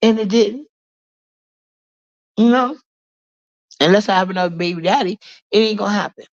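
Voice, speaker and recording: A woman's voice: mid-range voice, normal speed, no echo. Angry woman ranting with a cold. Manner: angry, profane, defensive, repeats herself. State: stuffy with a bad cold. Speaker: live streamer. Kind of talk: heated live-stream rant. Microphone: phone on a live stream, camera off. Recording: dull lo-fi stream audio.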